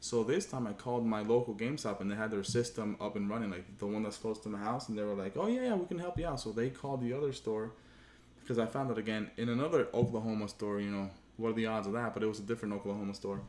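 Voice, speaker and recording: A man's voice: fairly low pitch, fairly even intonation, fast, a little mellow. Frustrated man ranting, echoey room. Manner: frustrated, profane, rambling, acts out quoted dialogue. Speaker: gaming channel host. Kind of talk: casual storytelling rant. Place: home room, livestream.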